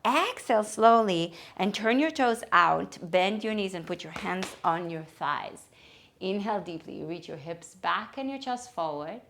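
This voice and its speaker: A woman yoga teacher giving calm, gentle spoken cues for breathing and movement. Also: mid-range voice, measured pace, slight background noise. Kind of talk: guided yoga instruction.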